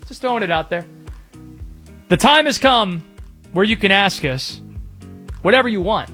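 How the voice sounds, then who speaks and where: A man's voice: high-pitched, lively intonation, moderate pace, bright, forceful tone, soft background music. A man hosting a sports talk radio show, sarcastic and mocking in an opinionated rant.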